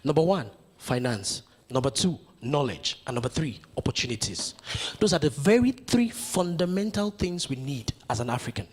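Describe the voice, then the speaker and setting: A Nigerian conference speaker gives a rousing motivational speech, stirring the audience with rhetorical questions. His mid-range voice is very animated, a little mellow and slightly rough, at a moderate pace.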